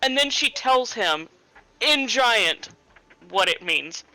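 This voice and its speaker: A woman's voice: a little high, expressive, slow, bright, forceful tone, no room sound. A woman playing a tabletop game online, narrating her character's reactions in casual chat. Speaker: player.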